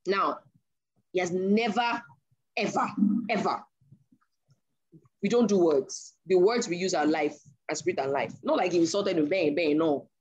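A woman's voice: lowish voice, unhurried, long pauses, husky, dull audio. A woman preaching a sermon, telling a story from her own marriage and acting out the voices in it. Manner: animated storyteller acting out dialogue.

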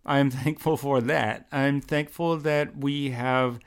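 New guy in his 30s rambling thru his home-studio podcast, kinda self-deprecating, mid-pitched voice. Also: fairly even intonation, slow, clean tone. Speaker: podcast host. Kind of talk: casual solo podcast monologue.

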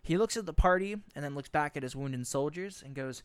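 A man's voice: on the high side, fairly quick, clear, resonant tone, no room sound. A man narrating a tabletop game as game master in a casual style, with frequent fillers.

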